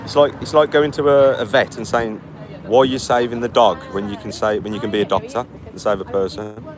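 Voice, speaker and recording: A lowish, fairly even male voice, slightly fast, comes through with some crowd noise and faint street sounds behind. The speaker, tired from a long walk outdoors by a street, reads live chat aloud and snaps back with blunt, mocking responses in a casual stream.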